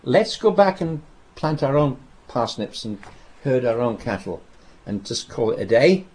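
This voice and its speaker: Animated male preacher, lively pitch. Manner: animated storytelling with dramatic pauses and repetition. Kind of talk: sermon.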